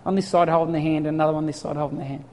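A middle-aged Australian man preaching a sermon as a story, swinging from lively to hushed. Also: fairly high pitch, racing. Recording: long reverb of a large hall.

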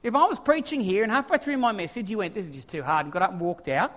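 A male pastor preaching a sermon, swinging from quiet scripture reading to loud animated asides. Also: very high-pitched, fast talker, long reverb tail.

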